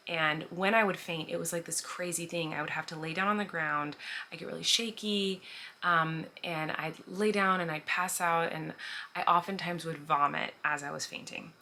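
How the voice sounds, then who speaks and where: A woman in her thirties talks loosely to her viewers, her low voice carrying a bright, forward edge. She rambles in a chatty way with plenty of "like" and "um" and small laughs. A faint hiss sits under the recording. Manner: chatty, frequent "like" and "um", laughs while talking. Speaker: vlogger answering viewer questions. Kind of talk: casual chat.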